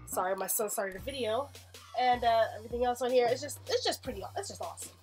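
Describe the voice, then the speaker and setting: A young adult woman vlogging a snack box unboxing, gushing with excitable exclamations as she tastes each treat. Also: fairly high pitch, fast, over music. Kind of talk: casual unboxing chat.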